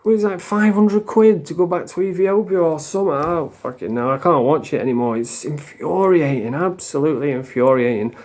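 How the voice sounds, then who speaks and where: A man's voice: fairly high pitch, fairly quick, hardly any pauses, a little mellow. A man with a South Yorkshire accent ranting angrily to camera, swearing heavily and rambling scornfully. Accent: South Yorkshire English. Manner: rambling with mocking put-on voices. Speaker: vlogger. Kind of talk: casual rant to camera.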